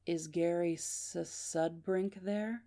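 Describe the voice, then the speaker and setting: A woman putting on a creepy robotic caller's voice, dragged out slowly and growled low and quiet, for a spooky retold phone call. The voice sounds distant, with a rough, gravelly edge. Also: exaggerated voice. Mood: eerie. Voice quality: slow, growly, monotone.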